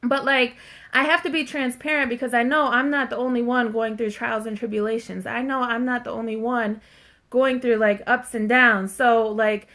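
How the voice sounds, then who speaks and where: Chatting from home on a live stream, this woman reads her viewers' comments and speaks warmly and sincerely, sprinkling in "like" and "you guys." She has a slightly high voice, a steady tone, a fairly bright quality and a moderate pace.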